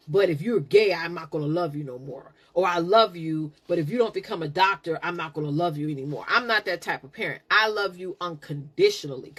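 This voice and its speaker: A middle-aged woman hosting a live stream, telling a personal story in a casual, animated, preaching way. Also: fairly low pitch, breathy edge. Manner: animated, preachy, laughs a lot.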